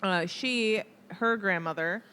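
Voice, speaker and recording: A woman from the Los Angeles area co-hosting a comedy podcast, reacting quickly with laughing asides. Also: medium pitch, sharp tone, a little hiss or hum. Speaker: podcast co-host. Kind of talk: casual comedic chat.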